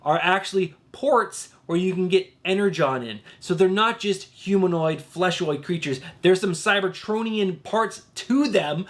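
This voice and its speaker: A man's voice: high voice, fairly bright tone. A man hosting a casual comic book vlog, talking to his viewers with gushing enthusiasm. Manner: addresses viewers as guys. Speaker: comic book channel host.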